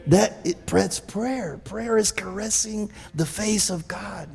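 Male pastor, high and gravelly voice, animated sermon, hall reverb. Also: takes it slowly, hardly any pauses. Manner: animated, repeats words, calls for amens.

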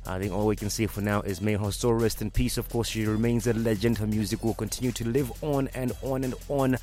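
A man's voice: on the low side, steady tone, brisk, dark tone, faint music behind. A man hosting a radio news segment, hesitant and full of fillers. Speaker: radio host. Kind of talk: news commentary.

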